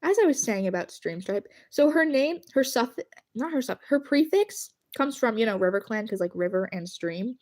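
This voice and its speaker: Brief: young-sounding woman on a casual drawing stream, bright higher voice, chatty and giggly. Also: lively intonation, moderate pace. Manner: giggly, rambling, often thanks viewers. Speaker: livestreamer. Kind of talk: casual livestream chat while drawing.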